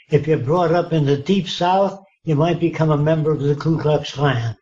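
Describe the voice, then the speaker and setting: A man's voice: a little high, darkish tone. Blunt old man on a dull line. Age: 90s. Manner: blunt, emphatic, repeatedly checks understanding. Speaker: interviewee, futurist. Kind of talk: conversational interview. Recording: dull lo-fi sound.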